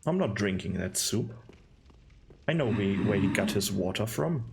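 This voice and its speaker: A man's voice: on the low side, expressive, moderate pace, gravelly, background noise. A man giving casual, sarcastic gameplay commentary, rambling and disgusted. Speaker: gaming video host.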